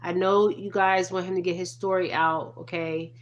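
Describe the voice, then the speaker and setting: A woman's voice: on the low side, level tone, moderate pace, highs cut off. A woman giving earnest spiritual commentary in a casual vlog, stressing each point and tagging most lines with "okay?". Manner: repeats "okay?" constantly, earnest and emphatic. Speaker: spiritual reader.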